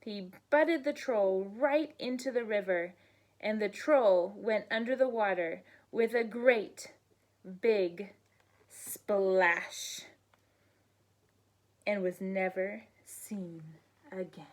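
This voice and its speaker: A woman teacher reading a bedtime story aloud to children, gentle and unhurried, sounding out the story's noises. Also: mid-range voice.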